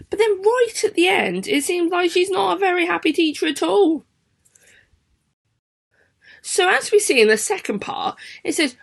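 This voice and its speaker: A woman's voice: extremely high pitch, big pitch swings, measured pace, vocal fry. Chatty primary teacher, young woman. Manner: chatty, encouraging, sing-song questions to pupils. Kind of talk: recorded video lesson for children.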